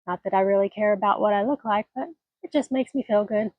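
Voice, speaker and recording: A woman's voice: mid-range voice, fast, dry recording, phone-quality sound. A retired woman in her sixties vlogging casually outdoors on her mountain homestead, chatting into a phone camera in a rambling, folksy way, her voice a little scratchy from allergies. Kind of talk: casual vlog chat.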